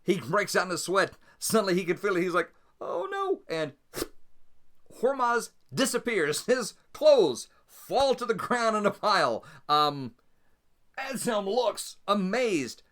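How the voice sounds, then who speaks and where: A man's voice: high voice, a little slow. A man hosting and narrating his solo tabletop role-playing game in a chatty, casual way that breaks into easy laughter. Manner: chatty, animated, laughs easily.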